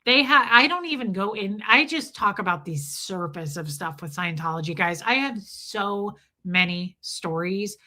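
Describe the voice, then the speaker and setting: A woman's voice: medium pitch, lively intonation, measured pace, hardly any pauses, sharp tone. A woman hosting a casual livestream, telling a personal story in a candid, emphatic way. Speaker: livestream host.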